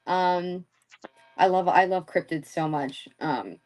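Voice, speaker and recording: Laughing, cursing woman guest, lowish voice. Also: takes it slowly, darkish tone. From Philadelphia area. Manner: laughing, swearing, loose and chatty. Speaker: interview guest, former wrestler. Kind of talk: casual chat.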